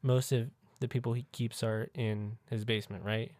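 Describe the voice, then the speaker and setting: A man's voice: medium pitch, level tone, moderate pace, darkish tone, no echo, clean studio sound. A man co-hosting a podcast, chatting casually in a crude, joking way and laughing often. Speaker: podcast co-host. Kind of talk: casual chat.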